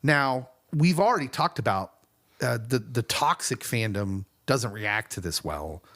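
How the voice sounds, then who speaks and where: Animated male podcast co-host. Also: medium pitch, a little slow. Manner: animated, laughs often. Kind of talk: casual chat.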